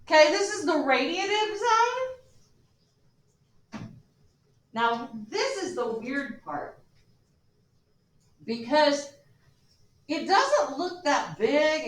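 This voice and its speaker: A woman teacher lecturing her class, animated and joking with her students, recorded from a distance in a classroom. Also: high voice. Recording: echoey classroom from far off.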